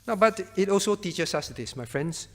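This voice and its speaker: A man's voice: high-pitched, animated, normal speed, in a large hall. A man as pastor teaching a Bible class, quizzing his students by name and hammering home his point through repetition.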